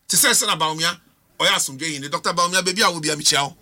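A middle-aged Ghanaian man argues as a panelist on a political talk show, his voice on the high side, very fast and sharp. He is emphatic, mixes languages, and fires off rhetorical questions.

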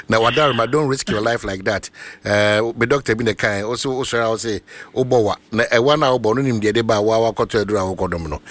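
A man with a Ghanaian accent hosting a talk show, asking questions in a lively, joking way. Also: fairly low pitch, brisk. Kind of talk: casual talk show chat.

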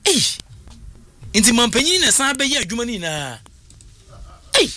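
An animated man with a high, lively voice that swoops up and down. He talks in a heated discussion, repeating words and losing the thread mid-sentence, with a very bright, sharp tone. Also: moderate pace. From Ghana. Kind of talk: heated talk-radio discussion.

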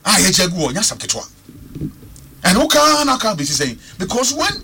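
A man's voice: high voice, huge pitch swings, fairly quick, gravelly, sharp tone, a little hiss or hum. A man with a Ghanaian accent calling in to a radio talk show, speaking with passion and repeating words for stress. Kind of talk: passionate radio call-in commentary.

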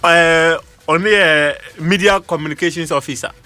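A man's voice: on the high side, fairly even intonation, moderate pace, sharp tone, soft background music. A young Ghanaian man co-hosting a radio show, bantering playfully and mixing languages. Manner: playful, code-switching, laughs often. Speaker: co-host. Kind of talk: casual studio banter.

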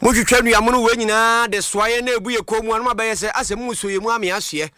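A man reporting the news as a voice-over, brisk and quick, with occasional hesitations. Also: extremely high pitch, fairly even intonation, bright, forceful tone, clear, resonant tone, no echo, studio quality.

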